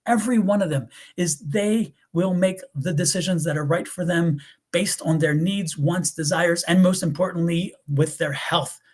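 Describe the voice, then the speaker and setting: A middle-aged man from the US East Coast, hosting a live tarot stream and telling stories in an animated, rambling way full of restarts. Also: high-pitched, breathy edge. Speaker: tarot reader and livestream host. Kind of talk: casual live-stream chat.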